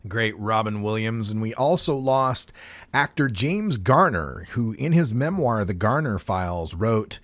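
A man's voice: fairly low pitch, expressive, a little slow, fairly bright tone, no echo. Earnest man hosting a radio talk show.

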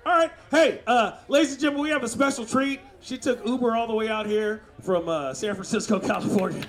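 A man's voice: very high-pitched, a little fast, a bit bright, slight background noise. A man emceeing a comedy show, loosely hyping up the next act. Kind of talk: introducing a comedian.

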